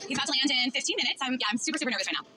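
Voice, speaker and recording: A woman in a reality-show confessional interview, talking in an excitable, chatty way full of "like". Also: high voice, racing. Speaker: reality show cast member. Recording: background music under voice.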